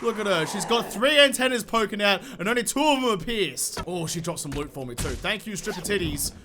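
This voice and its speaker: A man doing let's play commentary, excitable and sweary, talking to the enemies he fights, his voice a little off from being sick. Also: sits high, brisk, noisy background. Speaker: gaming YouTuber.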